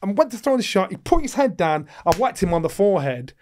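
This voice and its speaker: A middle-aged man, a former boxer telling stories as a guest, acting out the voices of others and rising to shouts. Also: high-pitched, big pitch swings, quick pace, a little hiss or hum. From England. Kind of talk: animated storytelling.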